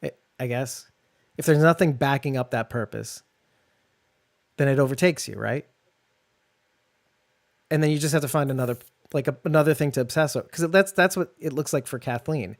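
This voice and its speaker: A man's voice: mid-range voice, normal speed, pauses often, dry recording, studio quality. A man co-hosting a casual discussion show, thinking aloud in loose, rambling sentences. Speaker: podcast co-host.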